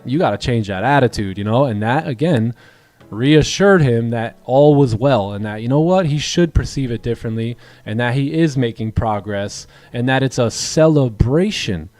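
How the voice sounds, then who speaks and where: A man hosting a live trading stream, encouraging his students and telling animated stories with voiced quotes. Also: no echo. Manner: animated storytelling, acts out quoted dialogue in a higher voice; encouraging, motivational. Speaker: day-trading coach and stream host. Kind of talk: casual livestream chat.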